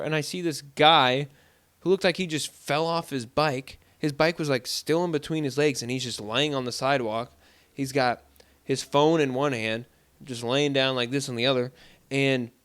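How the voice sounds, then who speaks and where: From a room at home, a South Dakota man hosts a solo podcast, rambling through everyday stories packed with fillers like "like" and "dude." His medium-pitched voice comes through dry with studio-quality sound.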